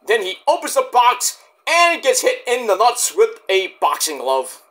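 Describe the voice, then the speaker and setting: A man's voice: very high voice, wildly swooping pitch, measured pace, fairly bright tone. A man giving a rambling, jokey wrestling review, swearing freely and joking on the side. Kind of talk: casual spoken review.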